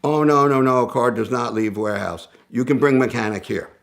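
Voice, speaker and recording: A man voicing a pushy, insistent male car seller who speaks halting broken English in a put-on foreign accent. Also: medium pitch, creaky, voice pushed up, close to an everyday voice.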